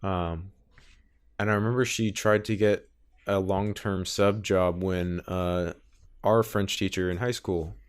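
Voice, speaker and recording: A young man with a fairly low voice co-hosts a casual podcast. He keeps cutting in with teasing jokes and wisecracks. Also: steady tone, unhurried, smooth. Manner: joking, teasing interjections. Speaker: podcast co-host. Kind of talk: casual chat.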